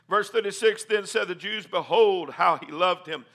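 High bright-voiced preacher. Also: male voice, moderate pace, hardly any pauses. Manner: reads scripture then builds to loud, fervent preaching; calls for congregation responses and says amen. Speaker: pastor. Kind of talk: sermon.

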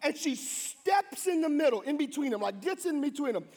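Young man, pastor, very high voice, animated sermon, acts out quotes, shouts for emphasis. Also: moderate pace. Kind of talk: sermon with comic storytelling.

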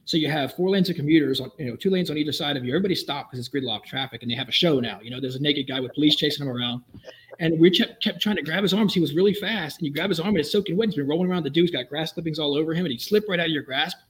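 Fast-talking former cop telling stories. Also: male voice, on the high side, low-quality recording. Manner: brisk, vivid, wry storyteller. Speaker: former police officer. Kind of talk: anecdotal storytelling in a conversation.

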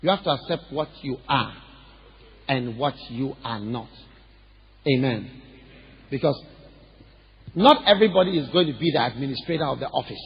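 Husky-voiced man preaching in a hall. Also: animated. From Ghana. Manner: emphatic preaching, frequent "Amen", slows down for key phrases. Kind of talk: sermon. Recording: hall reverb, dull low-fi sound.

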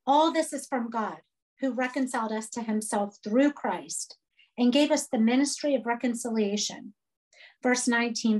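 Woman, high voice, emphatic, repetitive sermon. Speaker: preacher.

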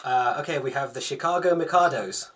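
A man's voice: mid-range voice, fairly bright tone. Man hosting a casual podcast quiz. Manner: reads quiz items with many ums and quick laughs. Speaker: podcast host running a quiz.

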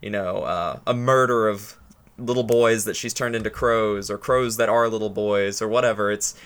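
A man's voice: on the low side, fairly even intonation, moderate pace, fairly bright tone. A young man chatting casually on a podcast, rambling with many fillers as he retells a story.

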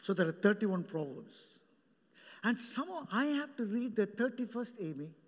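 A male pastor preaching a sermon, animated and joking with the congregation by name. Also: high-pitched, moderate pace, in a large hall. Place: church hall.

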